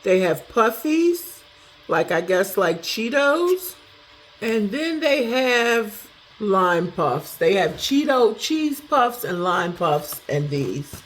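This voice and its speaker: A woman casually chatting through a snack taste test, thinking out loud as she goes. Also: mid-range voice, slow pace. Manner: talks to herself while tasting, animated, chatty. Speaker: food review vlogger.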